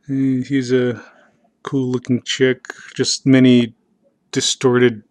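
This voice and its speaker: A man leafs through his old sketches and talks about them in a slow, unhurried drawl. His speech wanders and stalls, full of fillers and self-deprecating chuckles. The voice sits at a middle pitch and is recorded dry and close. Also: completely flat delivery, no echo. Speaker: artist showing his sketchbook. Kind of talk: casual video narration.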